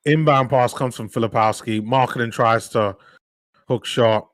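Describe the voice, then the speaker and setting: A man giving live play-by-play commentary as a fan on a watch-along stream, sighing in disbelief and getting loud when his team scores. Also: medium pitch, unhurried, no room sound. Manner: excitable fan, swings from sighing disbelief to shouting.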